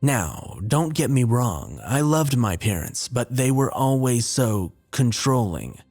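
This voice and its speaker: A man's voice: lowish voice, darkish tone. A man narrating a scripted horror story in a wry, dry, confessional tone. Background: faint music.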